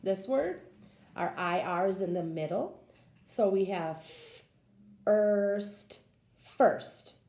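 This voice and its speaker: A woman's voice: on the low side, expressive, a little slow, a little mellow, echoey room. A woman teaching a phonics lesson, patiently sounding out words for young learners.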